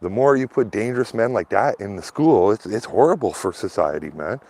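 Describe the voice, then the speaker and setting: A man's voice: lowish voice, animated, a little fast, dark tone. A man in a rambling, casual vlog talk, full of "like" and "man", speaking outdoors while walking his dog. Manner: loose and rambling, peppered with "like" and "man". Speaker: vlogger. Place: outdoors, walking a dog through a small town.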